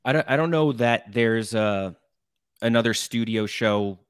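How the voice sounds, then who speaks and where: A man's voice: lowish voice, measured pace, clear, resonant tone. A man interviewing a guest, asking short conversational questions.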